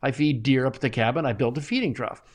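Man, middle-aged, chatty guest, chuckles, self-interrupting, animated. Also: medium pitch, fast. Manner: animated, chuckling, many restarts. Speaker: Bible translator guest. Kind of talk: casual interview conversation.

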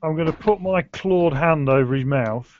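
A man playing a tabletop game, talking quickly and eagerly and often repeating himself. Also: a little high, a little hiss or hum. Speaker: player. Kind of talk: casual tabletop play. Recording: dull dry lo-fi recording.

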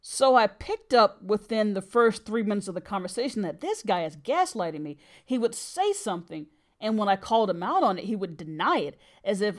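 A woman's voice: mid-range voice, sing-song, normal speed. A middle-aged woman hosting a podcast, telling a personal story in an earnest, emphatic way. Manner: earnest and emphatic, with brief laughs.

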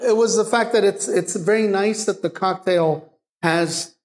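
A middle-aged man, a guest bartender, telling animated stories in a live Q&A and laughing often. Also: high voice, a little slow. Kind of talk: live Q&A storytelling. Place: bar venue with audience. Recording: echoey live venue.

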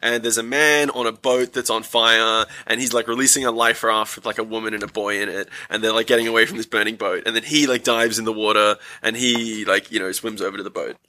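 A young man chats on a podcast, rambling and laughing easily. His voice is very bright and forward, and he sounds hungover. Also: on the low side, steady tone, fast, hardly any pauses. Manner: chatty, rambling, laughs often. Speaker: podcast co-host. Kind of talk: casual chat.

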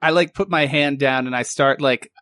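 A man's voice: mid-range voice, moderate pace, a bit bright, no room sound. A man playing a tabletop game, playful and giggly, slipping into mock-grand speech. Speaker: player. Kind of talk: tabletop game play, in character.

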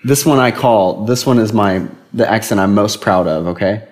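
A man's voice: fairly low pitch, normal speed. A man co-hosting a comedy podcast, chatting casually in a playful, teasing way. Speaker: podcast co-host.

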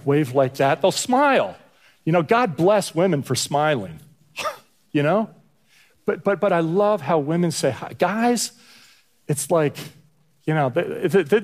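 Man, pastor, conversational sermon, stammering repeats, medium pitch.

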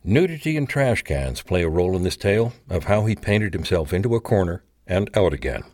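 A man reading a memoir aloud as narrator in a measured, even style. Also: deep voice, dry recording, clean studio sound. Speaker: audiobook narrator. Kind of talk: scripted narration.

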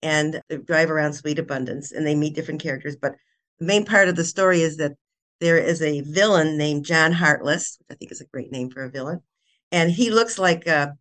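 A woman's voice: deep voice, fairly quick, fairly bright tone. Older woman animatedly retelling a story. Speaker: author, guest. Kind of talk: casual storytelling interview.

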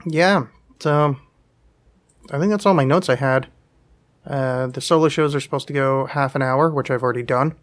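Speaking at a moderate pace with long pauses, a man with a medium-pitched voice hosts a casual live podcast by himself. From his home studio, where he leans over to check the screen, he answers listeners' questions, rambling, joking, putting himself down and using lots of fillers.

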